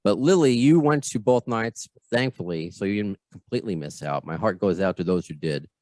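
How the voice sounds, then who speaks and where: A man's voice: fairly low pitch, lively intonation, a little fast, a little mellow, no room sound. An American man hosting a podcast interview over a video call, chatty and self-deprecating, often repeating his words. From United States. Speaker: podcast host.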